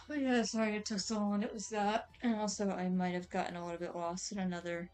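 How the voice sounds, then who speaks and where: Female co-streamer, chatty and apologetic, medium pitch, faint music in the background. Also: steady tone, brisk, a little mellow, clean tone. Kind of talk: casual chat on a livestream.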